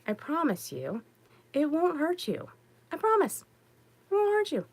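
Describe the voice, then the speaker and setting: A middle-aged woman hosting a podcast, telling stories in a casual monologue that rises high when she gets exasperated. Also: measured pace, a little hiss or hum. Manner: animated storyteller, rising high when exasperated. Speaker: podcast host.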